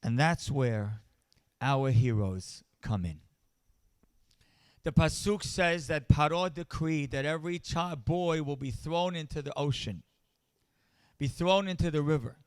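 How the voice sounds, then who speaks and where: Male charity-event speaker: high, smooth voice, close and dry, impassioned with building refrains. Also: measured pace, long pauses, no room sound. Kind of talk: inspirational event speech.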